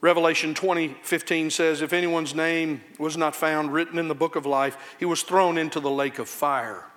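A man, a pastor, preaching an impassioned sermon in church, swinging between loud high outcries and low, quiet warnings. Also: steady tone, normal speed.

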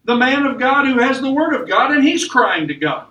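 A man's voice: extremely high pitch, very animated, moderate pace, bright, forceful tone, highs cut off. A man preaching a sermon in a church, with emphatic delivery that rises and falls. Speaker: pastor. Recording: echoey church room from far off.

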